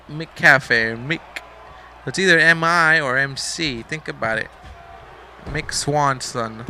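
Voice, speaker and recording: A man's voice: fairly high pitch, pushed and bright, a little hiss or hum. A young man casually commentating a wrestling video game, rambling, joking and swearing, a bit sleepy. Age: young adult. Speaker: gameplay commentator.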